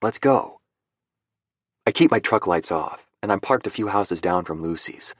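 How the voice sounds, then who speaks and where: A man's voice: low voice, moderate pace, no echo. A man reading a romance audiobook in first person, with a wry, easygoing manner, recorded close on a studio mic. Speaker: audiobook narrator.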